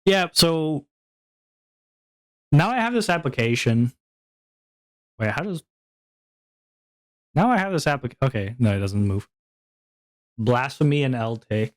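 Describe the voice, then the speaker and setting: A young man chatting casually on a livestream, rambling to his viewers with frequent laughs and swearing. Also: mid-range voice. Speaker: VTuber streamer.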